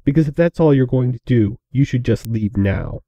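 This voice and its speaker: A man's voice: mid-range voice, animated, moderate pace, dark tone, no room sound. A man voicing a bitter, protective male chaos spirit who talks curtly and with spite. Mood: angry. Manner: curt, spiteful.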